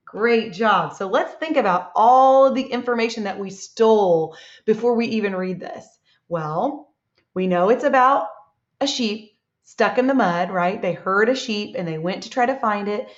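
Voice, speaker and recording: Speaking at a normal speed in a mid-range voice, a woman teacher guides small children through reading, offering frequent, encouraging praise. The recording is dull, in an echoey room.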